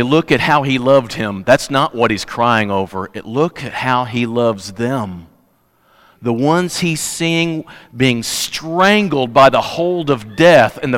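Male pastor, high smooth voice, passionate preaching with hushed lows, reverberant sanctuary. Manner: passionate, swings between loud emphatic peaks and hushed lows. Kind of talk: sermon. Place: church sanctuary. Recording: long hall reverb.

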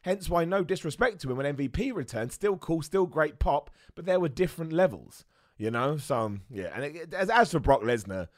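A man hosting a wrestling show, chatting excitedly and poking fun at himself. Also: on the high side, a little fast, dry recording, clean studio sound. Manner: chatty, excitable, self-mocking with laughs. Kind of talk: casual commentary and super chat reading.

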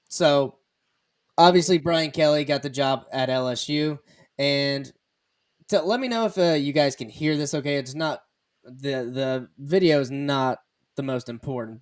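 A man's voice: mid-range voice, unhurried. A man hosting a comedy sports podcast, rambling and joking as he lets the talk flow. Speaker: podcast host. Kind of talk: casual sports chat.

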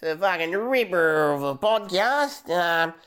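A woman's voice: on the low side, expressive, measured pace, a bit bright, clean tone. A woman voicing a rowdy, boozy Australian country bloke who swears and laughs as he leaves a voicemail. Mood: rowdy teasing. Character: rowdy middle-aged male country bloke. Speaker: voicemail caller.

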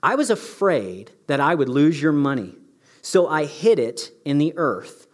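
A man voicing a fearful, lazy servant with a low, subdued delivery. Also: big pitch swings, unhurried. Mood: sheepish.

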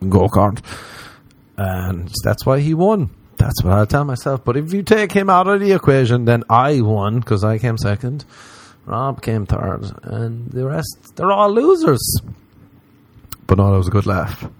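A young Irish comedian hosting a podcast rambles animatedly from tangent to tangent, swearing freely in a casual monologue. His voice is fairly low and a little mellow, with no room sound.

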